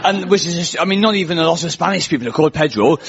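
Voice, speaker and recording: A man's voice: on the high side, animated, fast talker, gravelly. A man hosting a comedy show, telling dry, self-mocking stories to a live audience. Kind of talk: stand-up monologue before a live audience. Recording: dull lo-fi live recording with crowd laughter and noise. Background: audience laughter.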